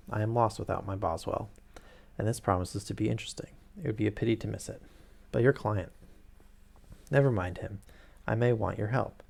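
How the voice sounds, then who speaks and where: A man reading aloud the lines of a sharp, brisk Victorian detective in his own voice. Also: lowish voice, creaky.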